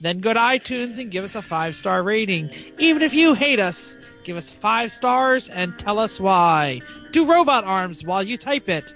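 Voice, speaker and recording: A man hosting a podcast, giving an upbeat, jokey sign-off with an animated delivery. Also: sits high, normal speed, hardly any pauses. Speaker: podcast host. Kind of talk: podcast outro. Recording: dull lo-fi sound with faint music.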